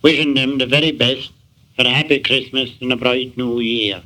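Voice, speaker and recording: A man's voice: mid-range voice, fairly even intonation, moderate pace, bright, forceful tone, a little hiss or hum, rough recording. A man recording a spoken message to his family, phrased formally like a letter.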